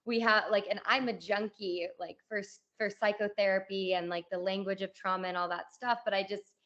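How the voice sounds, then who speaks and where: A woman's voice: medium pitch, steady tone, brisk, a bit bright, lo-fi sound. A woman in her thirties hosting a podcast interview, chatting casually with plenty of "like" and "you know". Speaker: podcast host.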